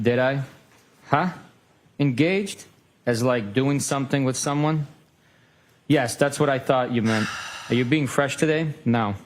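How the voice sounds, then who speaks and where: Man reading texts aloud, mid-pitched. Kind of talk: reading text messages aloud in court.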